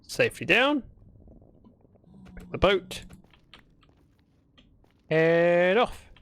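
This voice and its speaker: A man's voice: high voice, very animated, very slow, fairly bright tone, clean tone. A man chatting through a gameplay livestream, talking to himself and greeting viewers. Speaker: streamer. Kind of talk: casual gameplay livestream commentary.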